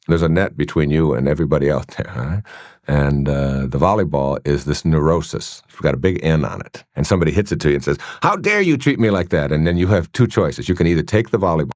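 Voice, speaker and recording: Guy giving a motivational talk, voice jumps all over the place, storytelling, throws rhetorical questions at the crowd. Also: low voice. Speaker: motivational speaker. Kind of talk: motivational lecture.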